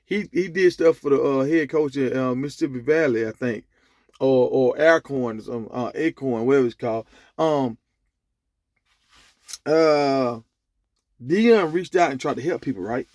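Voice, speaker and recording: A man giving a casual commentary rant, animated and profane, telling stories to make his point. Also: medium pitch, a little slow, no room sound. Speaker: sports commentator.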